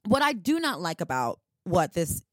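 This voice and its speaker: A woman hosting a podcast, talking in a casual chat with a blunt, profane, animated way of ranting. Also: on the low side, normal speed, no echo. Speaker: podcast host.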